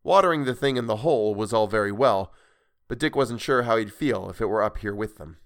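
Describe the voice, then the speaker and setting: A man narrating a storybook in a measured, expressive reading. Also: fairly low pitch, no room sound, studio quality.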